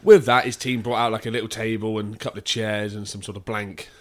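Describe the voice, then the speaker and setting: A man's voice: fairly low pitch, flat delivery, quick pace. A man in casual chat, telling a rambling anecdote with swearing and frequent laughs.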